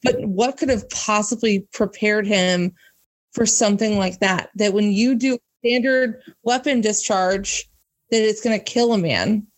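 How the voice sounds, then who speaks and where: A woman's voice: medium pitch, a little slow. A woman co-hosting a casual book discussion, thinking aloud with many fillers and restarts. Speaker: podcast co-host.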